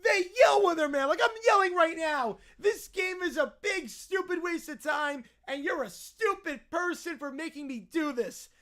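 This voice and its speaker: Man playing a spoiled little boy in a tantrum, high whiny voice, wild pitch swings, yelling and whining. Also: animated, normal speed, full character voice.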